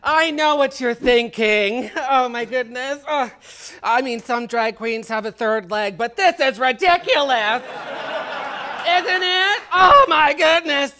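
A woman's voice: high voice, slow. A Canadian drag queen performing a crude, teasing stand-up set on stage. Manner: brash, crude punchlines, teasing the audience. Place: stage before a live audience. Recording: loud live crowd and noise.

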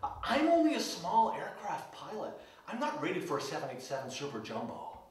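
A man's voice: sits high, huge pitch swings, brisk. A man playing a panicked small-plane pilot who is out of his depth and gives an urgent radio report. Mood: anxious. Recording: echoey room, mic far off.

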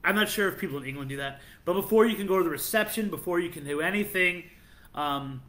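Casting: playful male podcast host, bright tone, storytelling legends casually. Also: high voice, quick pace. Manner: animated storyteller, playful and teasing. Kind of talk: casual chat, telling legends.

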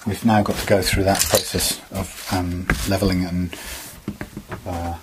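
A man's voice: low-pitched, flat delivery, unhurried, very noisy. A man casually talking through guitar fret work in a workshop, rambling with many fillers as he explains each step. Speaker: guitar repairer.

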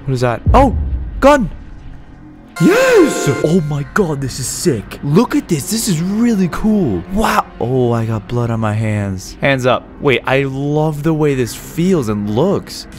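A man playing a horror game, giving jumpy, excitable let's play commentary straight to his viewers. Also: mid-range voice, a little slow. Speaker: gaming YouTuber. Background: faint game music.

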